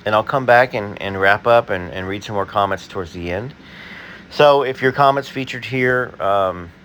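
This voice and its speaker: A man hosting his video and reading viewer comments in a casual, halting way, full of fillers and restarts; he sounds tired. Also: fairly low pitch, a bit bright, a little hiss or hum.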